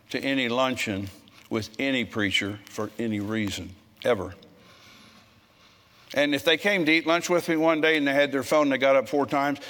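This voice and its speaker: A man preaching a sermon in a church, telling folksy stories in a frisky, forceful way. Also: mid-range voice, big-room sound.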